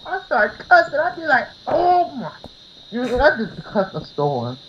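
A woman's voice: a little high, wildly swooping pitch, moderate pace, dull audio, crowd noise. A woman co-hosting a podcast in casual chat, blunt and given to cussing and laughing. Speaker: podcast co-host.

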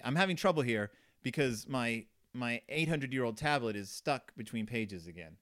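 A man chatting on a podcast in a loose, joking, rambling way, peppering his talk with asides. His pitch swings widely as he goes, lively and animated. It sounds like an offhand comedic book review. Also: moderate pace, few pauses. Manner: rambling, jokey, full of "like" and asides, puts on silly voices for characters. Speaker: podcast host.

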